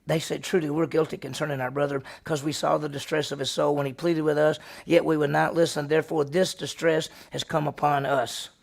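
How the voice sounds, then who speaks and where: A man, a pastor, teaching a Bible study class, reading scripture aloud and quizzing his listeners with lively questions. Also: on the high side, fairly quick, vocal fry, hardly any pauses.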